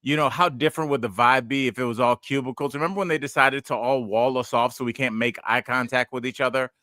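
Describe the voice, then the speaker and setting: A man's voice: mid-range voice, fast talker, bright, forceful tone, no room sound, studio quality. A man in his forties, a podcast host and stand-up comedian, chatting casually and telling rambling, digressive stories.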